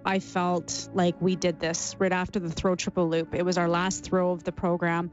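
A woman from Canada in her forties, a former figure skater giving an interview and telling her story in an animated, emotional way. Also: fairly low pitch, normal speed, highs cut off, soft background music. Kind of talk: interview recollection.

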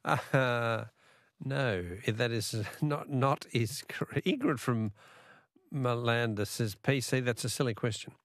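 A man's voice: mid-range voice, takes it slowly, fairly bright tone, no room sound, studio quality. An Australian man hosting a talkback radio quiz, chatty and laughing often.

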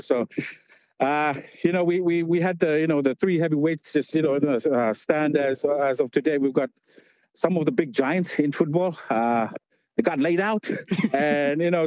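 A man's voice: a little high, a little mellow, no room sound. A man with a ni-Vanuatu accent, a radio correspondent chatting casually on a phone line, laid-back, laughing often and saying yo and bro. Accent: Pacific Islander, ni-Vanuatu.

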